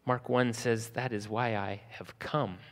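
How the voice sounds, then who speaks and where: A man preaching a sermon, slowing for emphasis and acting out scenes from the text in lively voices. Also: mid-range voice, big-room sound. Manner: lively storytelling, acting out disciples' panic in a raised voice. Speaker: pastor.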